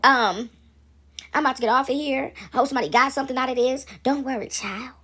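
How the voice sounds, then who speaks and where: A woman's voice: high voice, quick pace, fairly bright tone, slightly rough. A woman vlogger in a casual faith chat, rambling and preachy, talking straight to her viewers.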